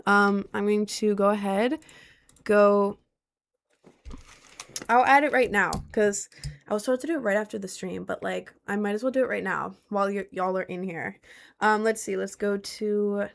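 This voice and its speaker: A woman's voice: mid-range voice, steady tone, moderate pace, gravelly. A woman chatting casually on a livestream, rambling and talking straight to her viewers. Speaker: streamer and cosplayer.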